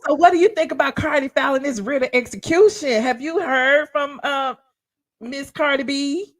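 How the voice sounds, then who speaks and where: A woman's voice: high-pitched, normal speed. A woman from the American South with a Southern accent, hosting a live stream and casually explaining court filings in a chatty, folksy way. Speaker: livestream host. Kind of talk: casual commentary on legal news.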